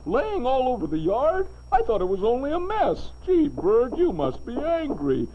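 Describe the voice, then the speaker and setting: Guy doing a friendly chatty neighbor, highish lively voice, dull old film sound. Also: moderate pace, heavily acted. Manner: friendly, easygoing.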